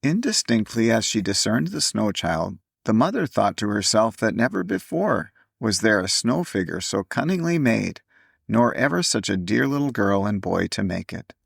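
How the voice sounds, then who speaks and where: Gravelly low-voiced male storyteller. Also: sing-song, no room sound, clean studio sound. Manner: measured storytelling reading. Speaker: narrator. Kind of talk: scripted audiobook narration.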